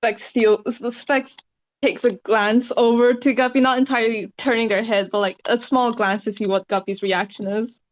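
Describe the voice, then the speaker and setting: A woman's voice: fairly high pitch, fairly even intonation, moderate pace, muffled recording. A woman casually describing her character's actions in a tabletop role-play, rambling and swearing.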